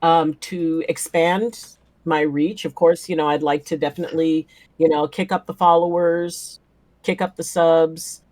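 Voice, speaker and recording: A woman's voice: deep voice, fairly even intonation, measured pace, darkish tone, no room sound. A woman, a chiropractor, guesting on a casual chat show and telling stories animatedly, acting out what people said and laughing often.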